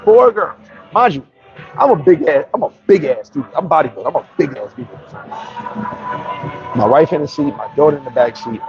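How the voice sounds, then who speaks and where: Rich: A man from New York with a gravelly, slightly high voice spins brash, profane street stories for his vlog. His pitch leaps around with animated swings as he talks. The sound is dull and lo-fi, with faint music behind him. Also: moderate pace. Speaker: vlogger. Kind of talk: casual storytelling monologue.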